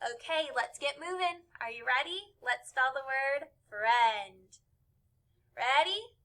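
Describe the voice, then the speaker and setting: A high-pitched, expressive woman speaks unhurriedly with a sharp edge to her tone. She's a teacher, out of breath as she jumps along, leading a cheerful spelling lesson for young children. She calls out letters while jumping and keeps encouraging the kids.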